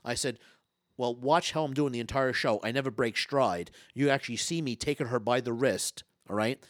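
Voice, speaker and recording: A man, a stage hypnotist and former comedian, telling stories in an interview, talking fast and loud with lots of stammered restarts. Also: medium pitch, no room sound, clean studio sound. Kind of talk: storytelling interview talk.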